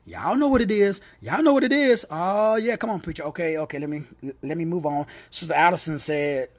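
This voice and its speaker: A man's voice: a little high, a little fast. A man teaching a word study in a preacher's style, repeating phrases, calling out listeners by name and slipping into playful teasing asides. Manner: animated, repetitive, calls listeners by name.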